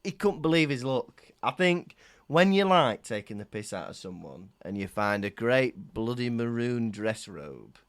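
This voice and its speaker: A man's voice: mid-range voice, big pitch swings. A man co-hosting a podcast in casual, playful comedic chat. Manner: playful, quick banter. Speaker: podcast co-host.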